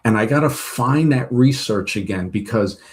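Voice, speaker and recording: In a relaxed conversation, a man with a mid-range, animated voice at normal speed shares lengthy stories from his own life. His telling wanders, full of false starts and recounted dialogue like "she goes."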